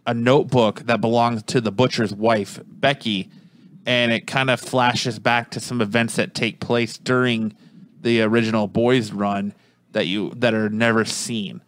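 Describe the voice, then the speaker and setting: A man's voice: mid-range voice, a bit bright, a little hiss or hum. A man casually reviewing a comic book on a podcast, rambling and restarting his sentences as he searches for words.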